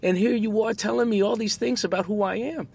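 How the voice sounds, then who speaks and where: Husky-voiced man telling stories. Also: high voice, a little fast. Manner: animated storyteller, acts out quotes. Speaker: podcast co-host, basketball referee. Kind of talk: casual conversation.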